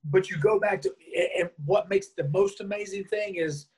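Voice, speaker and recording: A man being interviewed, telling a lively anecdote and acting out the lines of the people in it. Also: high-pitched, moderate pace, slightly rough. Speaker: interview guest. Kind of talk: storytelling in a conversation.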